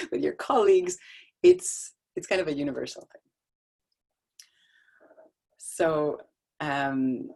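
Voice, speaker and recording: Middle-aged woman, low voice, chatty storyteller who laughs often, speaking over a video call. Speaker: guest speaker on child development. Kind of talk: casual talk on a video call. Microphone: video call microphone.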